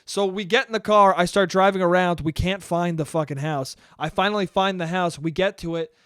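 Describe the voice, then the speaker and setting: A young man hosting a podcast, telling a story in a loose, animated way, swearing freely and acting out what people said. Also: high-pitched, a little fast, smooth, no echo, studio quality. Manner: animated, swears often, acts out quotes. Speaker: podcast host. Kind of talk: casual storytelling monologue.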